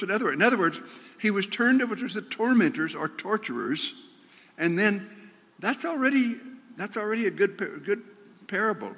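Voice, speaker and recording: A man preaching a sermon, telling stories with animation and sinking to a low, earnest tone. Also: bright, forceful tone, in a large hall.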